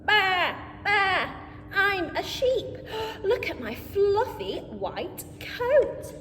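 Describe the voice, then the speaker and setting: A woman voicing a gentle, fluffy picture-book sheep that bleats softly and proudly. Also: very high-pitched, sing-song, very slow, long reverb tail, a little hiss or hum, heavily acted.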